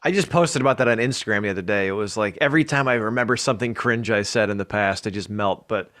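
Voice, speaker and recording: A man chatting casually on a podcast, animated and quick, acting out what others would say. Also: on the low side. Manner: fast, animated, acts out quoted voices.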